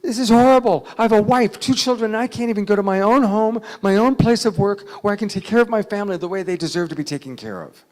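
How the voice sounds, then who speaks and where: A man voicing an angry, worked-up male heckler who rants loudly in a raised, high voice. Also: fast talker, hardly any pauses, in a large hall, lightly acted. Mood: anguished. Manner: loud, high-pitched, ranting.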